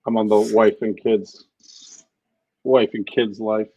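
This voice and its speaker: A man's voice: lowish voice, level tone, slow pace, warm tone, no echo. A man co-hosting a casual livestream chat, talking in slang and swearing freely. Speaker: co-host. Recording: dull lo-fi dry sound.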